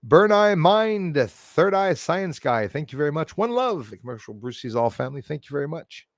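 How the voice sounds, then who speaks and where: A man's voice: on the high side, very animated, normal speed, no room sound. A man hosting a live stream from a forest, talking casually to his chat in a blunt, profane, rambling way and laughing off critics. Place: outdoors in a forest.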